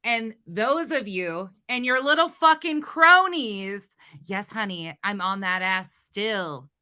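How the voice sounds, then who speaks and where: A woman hosting a casual reaction commentary, blunt and confrontational, swearing freely. Her voice is bright and forward, sitting at an ordinary middle pitch. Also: lively intonation, slow, smooth. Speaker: commentary channel host.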